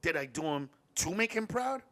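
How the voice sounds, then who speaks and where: Animated, slightly high-voiced storytelling man. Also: moderate pace. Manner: animated, profane, mixes in Spanish words. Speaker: podcast host. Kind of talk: casual storytelling chat.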